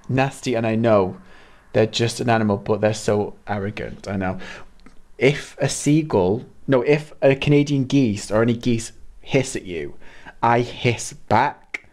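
A man's voice: medium pitch, measured pace, darkish tone. A British man chatting casually with viewers while he streams a game, greeting them by name and laughing often. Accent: British English. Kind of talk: casual live-stream chat while playing.

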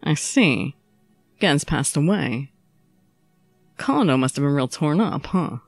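A woman voicing an ill young male swordsman who talks in a low, subdued, wry drawl. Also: animated, takes it slowly, dry recording, soft background music, full character voice. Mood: despondent.

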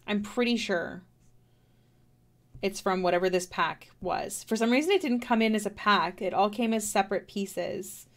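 A young Canadian woman with a medium-pitched voice at normal speed chats with her stream while drawing, partly talking to herself. Her talk rambles and wanders, often broken by giggles, and the sound is close and clean from a home desk mic.

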